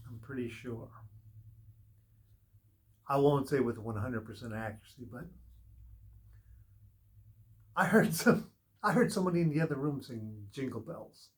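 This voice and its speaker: A man giving a casual spiritual tarot reading, talking slowly with many pauses and fillers. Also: mid-range voice. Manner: slow, unhurried, with pauses and fillers. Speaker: tarot reader.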